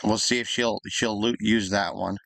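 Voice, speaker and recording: A man's voice: fairly low pitch, steady tone, moderate pace, creaky, fairly bright tone, no echo. Chatty man narrating a life-sim game. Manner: chatty, thinking aloud, easygoing. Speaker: gaming YouTuber. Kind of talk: casual Sims gameplay commentary.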